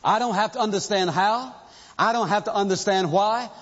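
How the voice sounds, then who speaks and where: In a dull, echoing recording from a large church hall, a male pastor preaches a sermon, telling a story with emphasis and posing rhetorical questions. His voice sits high and is slightly bright, at a normal speed.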